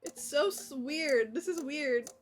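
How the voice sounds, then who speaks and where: A young woman streaming a dating game, reading the dialogue aloud, animated, laughing often and swearing at misses. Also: high voice, a little fast, soft background music.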